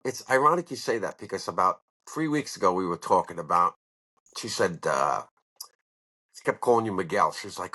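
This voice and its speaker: A man's voice: low-pitched, expressive, a little fast, bright, forceful tone, breathy edge. A man in his fifties, a comedian guest, telling stories animatedly in casual chat and swearing freely.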